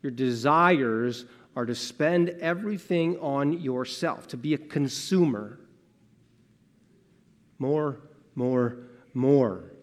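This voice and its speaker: Earnest male pastor in a reverberant sanctuary. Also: medium pitch. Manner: earnest, swings between emphatic and hushed, asks rhetorical questions. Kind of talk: sermon. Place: church sanctuary. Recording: long church reverb.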